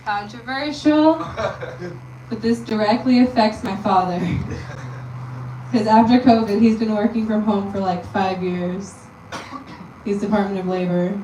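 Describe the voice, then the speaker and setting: A young woman from Texas doing a stand-up comedy set in a deadpan, self-deprecating way. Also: medium pitch, a little slow, pauses often, a little hiss or hum. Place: comedy venue with audience. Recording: roomy live sound from a distant mic.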